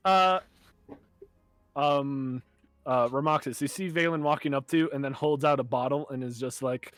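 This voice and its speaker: A man narrating a tabletop game as game master, relaxed and hesitant, with fillers. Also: mid-range voice, moderate pace, a little hiss or hum.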